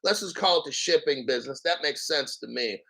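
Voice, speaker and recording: A man hosting a crypto livestream, reading an article aloud with profane, sarcastic rambling asides and frequent throat-clearing. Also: fairly high pitch, expressive, brisk, sharp tone, poor audio. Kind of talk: profane ranting commentary while reading an article.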